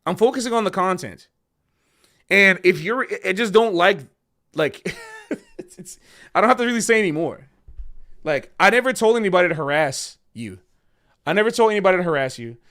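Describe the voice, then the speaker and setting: A fired-up man talking straight to his livestream, emotional and passionate. His voice is fairly high for a man and swings widely in pitch as he makes his points. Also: lively intonation, fairly quick, long pauses, a bit bright. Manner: emotional and passionate, says bro a lot. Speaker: jazz musician streaming a Q&A. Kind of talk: casual livestream rant.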